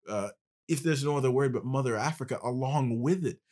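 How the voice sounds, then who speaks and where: A man's voice: mid-range voice, a little fast, darkish tone. A male podcast host in casual conversation, explaining at length with passion.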